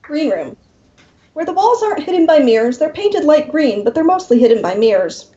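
A woman narrating an interactive fiction game aloud for her co-hosts, in an expressive reading style, on a slightly dull recording. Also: high voice, a little fast.

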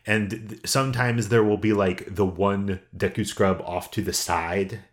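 A man's voice: lowish voice, fairly even intonation, unhurried. A man co-hosting a casual podcast chat, talking in a meandering way and often restarting his thoughts. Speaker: podcast co-host.

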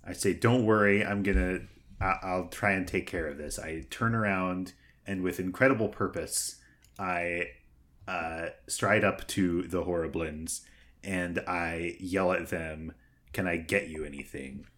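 A man playing in a tabletop game, wry and deadpan as he says what his character does. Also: low-pitched, measured pace. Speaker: player. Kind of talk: tabletop role-play.

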